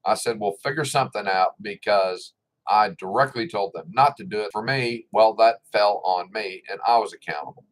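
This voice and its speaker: Middle-aged man, low voice, indignant commentator, blunt and sarcastic. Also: moderate pace, low-quality recording. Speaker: political commentator. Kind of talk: casual opinion monologue.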